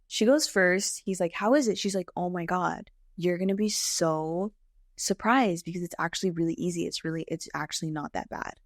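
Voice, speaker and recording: A woman in her thirties, a tattoo artist, chatting casually on a podcast and telling stories in an animated way, often saying "like" and "okay?". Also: on the low side, moderate pace, dry recording, clean studio sound. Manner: animated storyteller, frequent "like" and "okay?". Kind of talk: casual podcast chat, storytelling.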